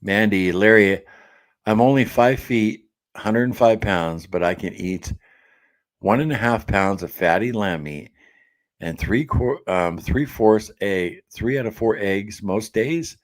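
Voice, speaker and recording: Very deep-voiced easygoing male streamer. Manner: easygoing and chatty, many fillers and quick laughs. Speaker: host of a diet support live stream. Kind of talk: casual live-stream chat, reading viewer comments aloud. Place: home office.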